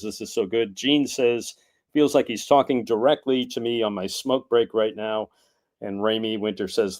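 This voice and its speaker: Brief: low-voiced male stream host; casual and hesitant, lots of ums while reading chat. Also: a little mellow. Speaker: live stream host presenting archival clips.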